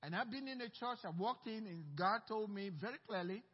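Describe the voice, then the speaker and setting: A man's voice: high-pitched, animated, a little fast, breathy edge. A male pastor preaching a sermon with impassioned delivery and personal storytelling. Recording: dull sound with long hall reverb.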